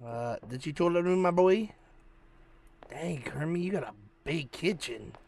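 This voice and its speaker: A man's voice: fairly high pitch, animated, unhurried, vocal fry, darkish tone, slight background noise. A man hosting a gaming channel, giving hyped, slangy, joking commentary while he plays a horror game. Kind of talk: let's-play commentary.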